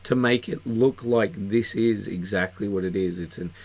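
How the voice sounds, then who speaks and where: A man's voice: lowish voice, moderate pace, a little mellow. A man with a sick voice chatting casually on a live stream, rambling with many fillers and restarts. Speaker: co-host reviewing miniatures.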